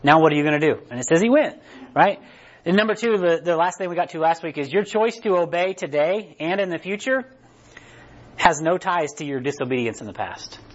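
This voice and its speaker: Guy pastor giving a chatty sermon, kinda high voice, muffled lo-fi audio. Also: expressive, moderate pace. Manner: conversational, repeats "right?" often.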